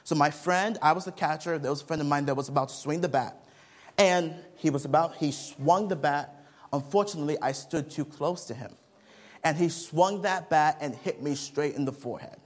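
A young man preaches to children in a lively storytelling manner, with a voice a bit higher than most men. He reads scripture and stops to put questions to the kids. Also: normal speed. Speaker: children's Bible teacher. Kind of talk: children's sermon.

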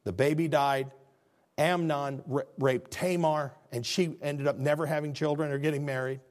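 A man preaching a sermon as pastor, talking conversationally and swinging from low, quiet stretches to loud, high ones. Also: fairly even intonation, moderate pace.

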